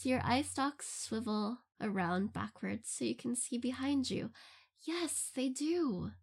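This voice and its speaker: A young woman with a slightly high voice chats through listener questions. She rambles loosely and breaks into giggles often, in an easy Q&A tone. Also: unhurried, creaky, breathy edge. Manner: giggly, rambling, laughs often between phrases. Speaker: audio creator answering listener questions. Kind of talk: casual Q&A chat.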